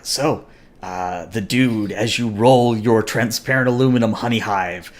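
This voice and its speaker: A man narrating a tabletop game as game master, relaxed, with frequent fillers. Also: fairly low pitch, unhurried.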